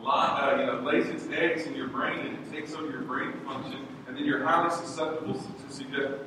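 A man's voice: mid-range voice, fairly quick. A middle-aged man and pastor preaching a sermon in a church hall, telling stories and acting out the voices of others. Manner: animated storytelling, acting out voices. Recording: echoey hall from far off, noisy.

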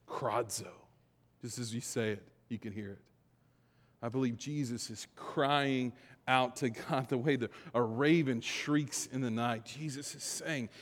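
Man preaching in a reverberant hall. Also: medium pitch. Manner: conversational preaching, swings from hushed to emphatic. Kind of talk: sermon.

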